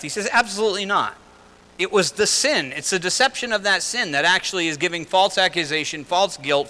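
A man in middle age delivers a sermon, retelling scripture in everyday words. His voice is bright and a little higher than most men's. He pushes some lines out loudly and drops others to near a murmur. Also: rough recording. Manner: loud and soft by turns, paraphrasing scripture conversationally. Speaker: pastor.

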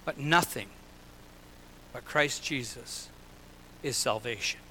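A man preaching a sermon in an earnest way, slowing and lifting his voice for emphasis and dropping into personal asides. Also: mid-range voice, pushed and bright, slight background noise. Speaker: pastor. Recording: long hall reverb.

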